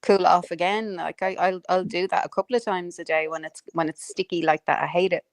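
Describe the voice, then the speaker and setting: A woman's voice: fairly low pitch, fairly even intonation, a little fast, no echo. A woman hosting a casual livestream, chatty and sweary, laughing and greeting viewers by name. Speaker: livestream host. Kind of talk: casual chat.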